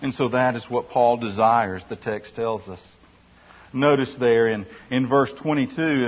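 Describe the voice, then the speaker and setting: A man's voice: mid-range voice, measured pace. A male pastor preaching a sermon in an earnest way, often restarting phrases and asking rhetorical questions. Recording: dull sound with long hall reverb.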